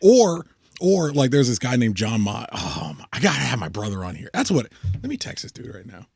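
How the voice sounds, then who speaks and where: A man co-hosting a casual podcast chat, excitable and profane, laughing often. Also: mid-range voice, brisk, creaky, breathy edge, dry recording, studio quality. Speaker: podcast co-host.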